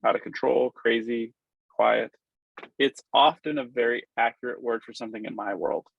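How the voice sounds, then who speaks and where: A man's voice: mid-range voice, fairly even intonation, normal speed, creaky, husky, dry recording, phone-quality sound. A man in his forties hosting an interview, speaking in an enthusiastic, thoughtful way. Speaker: podcast host. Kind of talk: casual interview talk.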